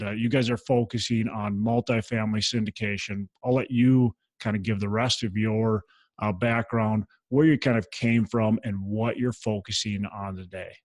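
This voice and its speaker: A man hosts a podcast and briskly introduces his guest by reading through the bio. His voice is on the lower side. The recording is dry, with no room sound. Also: no echo, rough recording. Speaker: podcast host. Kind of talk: podcast interview.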